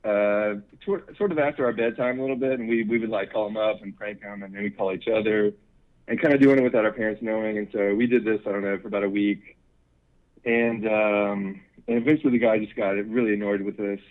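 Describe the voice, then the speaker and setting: A man's voice: on the low side, steady tone, fairly quick. A man calling into a show, telling a rambling, laid-back story and swearing freely. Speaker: caller. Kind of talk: casual anecdote over the phone. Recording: tinny phone line.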